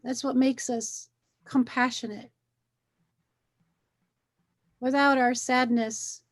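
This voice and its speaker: A woman hosting a wellness conversation, coaching gently and encouragingly, often repeating phrases to make her point. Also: on the high side. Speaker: wellness talk host.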